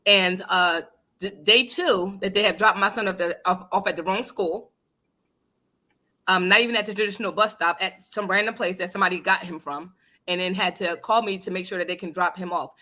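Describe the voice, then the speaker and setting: A woman hosting a casual talk show, telling a story in an animated, emphatic and blunt way. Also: medium pitch, fairly quick. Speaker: host. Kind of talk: casual chat. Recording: live online radio show.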